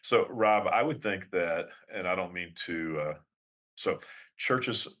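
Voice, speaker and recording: A man's voice: low voice, slow pace, a bit bright. A man hosting a conversation, asking questions and retelling stories. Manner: questioning, storytelling. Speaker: podcast host. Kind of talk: interview conversation.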